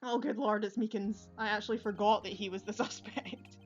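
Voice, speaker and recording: A woman's voice: medium pitch, steady tone, fairly quick, hardly any pauses, highs cut off, soft background music. A woman with a Scottish accent giving chatty, sweary commentary on a game she is playing. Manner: chatty, swearing, laughing asides. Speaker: game streamer. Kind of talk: casual playthrough commentary.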